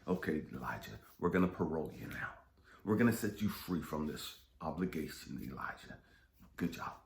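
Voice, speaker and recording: A man doing a deep, calm voice of God. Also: normal speed, gravelly, exaggerated voice. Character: God speaking calmly to a weary servant. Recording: echoey room.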